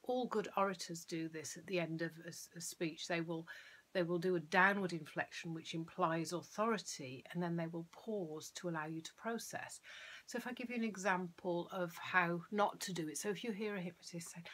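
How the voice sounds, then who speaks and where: A woman hypnotherapist explaining her craft in a soft, often half-whispered voice, shaping her tone with falling inflections. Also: lowish voice, moderate pace, slight background noise. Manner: plays with tone and downward inflections. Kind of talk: explanatory talk.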